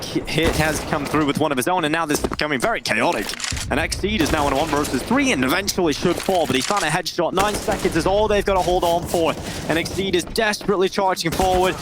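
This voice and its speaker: A man calling a video game match as a play-by-play caster, energetic and jokey. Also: fairly high pitch. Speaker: esports caster. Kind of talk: play-by-play commentary. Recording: noisy game audio behind. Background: gunfire from the game.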